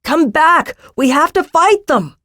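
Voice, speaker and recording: A woman voicing a brash, brave young man who shouts to rally others. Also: high-pitched, expressive, slow pace, no room sound, studio quality, voice pushed up, exaggerated voice. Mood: shouting.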